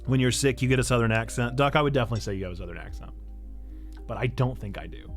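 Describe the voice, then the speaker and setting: A pastor from Illinois with a Northern Illinois accent, chatting casually on a livestream and answering chat in a playful, self-mocking way. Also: male voice, medium pitch, fast, pauses often, soft background music. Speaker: pastor and streamer.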